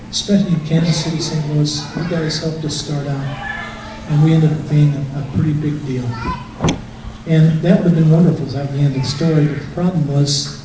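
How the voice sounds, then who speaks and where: A middle-aged man gives a conversational personal testimony to a congregation, telling his story in plain talk. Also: fairly high pitch. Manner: conversational storytelling, acting out quotes. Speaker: guest speaker. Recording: echoey hall from far off, faint noise.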